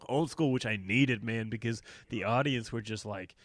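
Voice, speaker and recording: A man's voice: medium pitch, moderate pace, no room sound. A man who does stand-up comedy, co-hosting a casual podcast chat, rambling through stories with lots of fillers and swearing. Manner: rambling storyteller, heavy fillers, profane.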